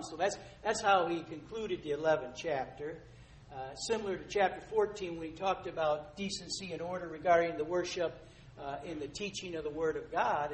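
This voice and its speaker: A man preaching a sermon, emphatic and rising to loud rhetorical questions, addressing listeners as dear ones. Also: high voice. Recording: echoey room, faint noise.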